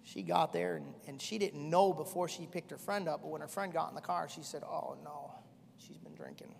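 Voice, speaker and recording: A middle-aged man preaching a sermon as pastor, swinging from shouting to quiet storytelling. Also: a little high, expressive, fairly quick, gravelly, a little hiss or hum. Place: church hall. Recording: echoey church hall.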